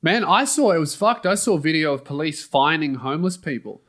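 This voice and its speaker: A man as a comedian guest riffs in casual chat, slangy and blunt. His voice sits a little high. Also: animated, brisk, fairly bright tone.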